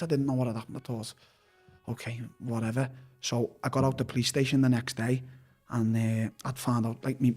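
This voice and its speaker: Liverpool man, fighter guest on a podcast; husky, mid-pitched, candid, sweary, stop-start delivery. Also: darkish tone. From Liverpool, England. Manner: blunt, swears constantly, restarts sentences. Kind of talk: candid personal storytelling.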